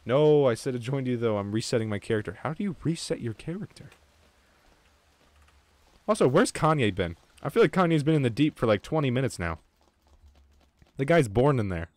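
A young man chatting through an online game with his viewers in a mid-pitched voice, talking casually and swearing freely. He swings quickly from mumbling to himself into excited yelps. The sound is dry and close, with almost no room echo. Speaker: streamer. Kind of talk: casual gaming chat.

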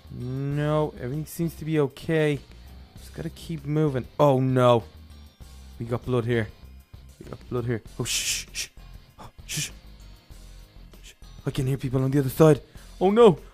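A young man hosting a game role-play, narrating every move in character and getting loud and excited during the action. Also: mid-range voice.

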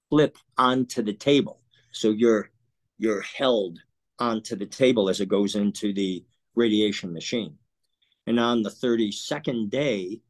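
A man in his sixties telling a personal story in an interview, earnest and emotional, often clearing his throat. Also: on the low side. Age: 60s. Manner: earnest, emotional, halting with restarts. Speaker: interview guest.

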